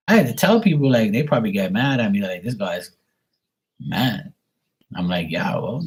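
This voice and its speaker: Husky, profane man ranting casually. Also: lowish voice, lively intonation, normal speed, long pauses. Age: 40s. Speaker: live tarot reader. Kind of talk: casual live-stream chat.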